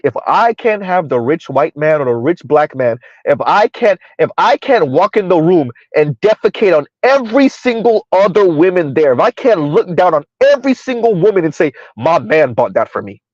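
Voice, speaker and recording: The host's voice is high and a little mellow, with lively intonation, normal speed, and few pauses. On his casual commentary stream he responds to viewer chat, pushes rhetorical questions, repeats "who would have ever thought" and "right? huh?", and speaks of himself in third person. The audio is dull with no echo.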